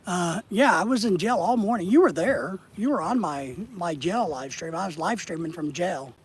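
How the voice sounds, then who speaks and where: Husky man chatting on a fishing stream. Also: high-pitched, lively intonation, moderate pace. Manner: rambling, chatty, addresses viewers in chat. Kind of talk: casual live-stream chat. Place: outdoors, fishing.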